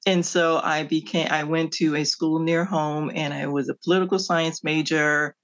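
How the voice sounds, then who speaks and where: A middle-aged woman from the Midwestern United States, an author answering interview questions in an animated storytelling way, laughing often. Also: low-pitched, normal speed. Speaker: author guest. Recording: dull lo-fi audio.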